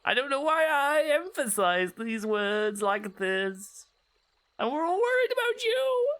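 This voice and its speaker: A man voicing a worried villager in a game, speaking very high and slow with over-stressed words. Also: big pitch swings, a bit bright, full character voice. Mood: concerned.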